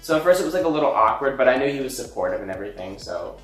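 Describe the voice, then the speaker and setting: A man's voice: mid-range voice, lively intonation, rapid-fire, a bit bright. A young man telling a personal story in a casual chat, rambling and full of "like". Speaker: co-host. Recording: echoey room with faint music.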